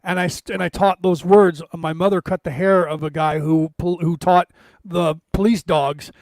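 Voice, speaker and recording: Animated high-voiced male storyteller. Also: normal speed, no echo. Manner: animated storyteller, acts out quotes. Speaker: podcast co-host. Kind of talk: casual storytelling chat. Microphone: video call.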